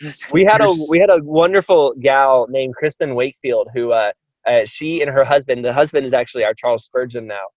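A man's voice: mid-range voice, fairly quick, darkish tone, dry recording, muffled recording. A man talking casually as a guest on a podcast, an enthusiastic and chatty storyteller.

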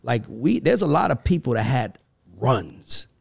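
Co-hosting a podcast, a man from the American South speaks in a casual, emphatic, storytelling way, his pitch swinging low to high. His unhurried, sing-song voice has vocal fry and a breathy edge, and the recording is dry.

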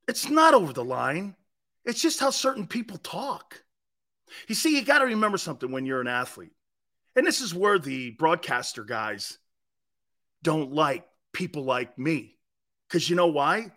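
A bright-voiced man hosts a live sports talk show, ranting with a blunt, combative edge. His pitch sits a bit high and swings widely, jumping into sudden shouts. He talks like a former locker-room guy who isn't afraid to offend.

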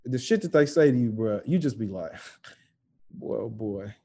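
A man telling a story in casual chat, animated and profane, acting out the voices of the people in it. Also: mid-range voice, normal speed, breathy edge. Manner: animated, profane, acts out voices in his stories.

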